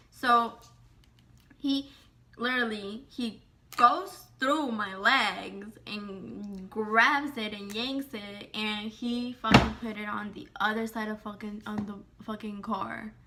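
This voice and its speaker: A young woman telling a personal story in a casual vlog, animated and slangy, full of "like" and swearing. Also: on the high side, normal speed, a little hiss or hum.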